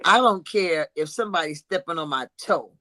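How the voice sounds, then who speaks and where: A woman hosting a casual chat show, blunt and animated, who calls herself an old-school lady and talks. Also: fairly low pitch, a little fast, no echo. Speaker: host.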